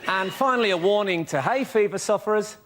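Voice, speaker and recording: A comedian parodying a weather forecaster, blunt and sweary, in a raised voice. Studio crowd murmur and noise are clearly audible behind him. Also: male voice, sits high, a little fast. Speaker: comedy panelist. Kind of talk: mock weather forecast gags.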